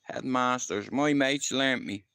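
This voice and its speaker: Slow-paced and gravelly yet smooth, with a sharp tone and medium pitch, an Irish livestream host in middle age swaps rambling stories from his past. He swears freely and keeps checking that the listener follows along.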